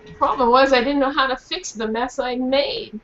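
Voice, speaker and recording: A woman's voice: sits high, normal speed, soft background music. Woman reading a kids book aloud, lo-fi. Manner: lively, questioning a class. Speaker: author reading to students. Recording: dull lo-fi recording with faint hiss.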